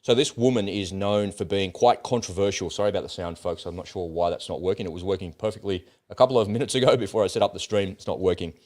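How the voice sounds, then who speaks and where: A man's voice: sits low, quick pace, hardly any pauses, a little mellow. An Australian man hosting a political commentary livestream, talking bluntly in casual, ranting speech and swearing freely.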